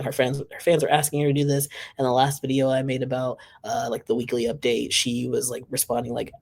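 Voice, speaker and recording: A man's voice: medium pitch, vocal fry, darkish tone. A man hosting a casual reaction channel, chatting and giggling as he reads social media posts aloud.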